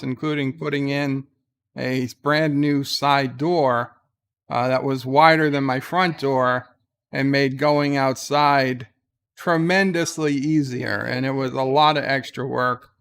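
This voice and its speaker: A man hosting a casual live stream, talking in an earnest, halting way. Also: a little high, gravelly, a bit bright, smooth. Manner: earnest, halting, with many fillers.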